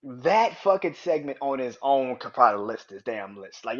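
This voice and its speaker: A man hosting a podcast, talking through wrestling in a casual, profane, rambling and animated way, in a slightly dull lo-fi recording. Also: mid-range voice, moderate pace. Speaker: podcast host.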